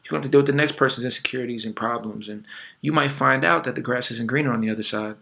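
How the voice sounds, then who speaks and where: A man's voice: mid-range voice, fast talker, creaky, sharp tone. A man coaching on dating in a casual, conversational way, full of fillers and little acted quotes. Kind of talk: casual advice talk.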